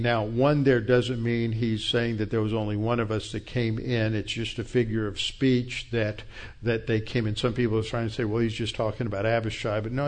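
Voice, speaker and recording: A man's voice: mid-range voice, darkish tone. A man teaching through a Bible passage as a pastor, explaining verse by verse in a conversational way with asides.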